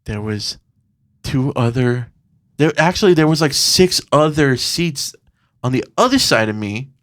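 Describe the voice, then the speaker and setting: A man's voice: mid-range voice, animated, a little slow, fairly bright tone. A man co-hosting a podcast, telling a story in casual chat, swearing a lot and acting out the voices of the people in it. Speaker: podcast co-host.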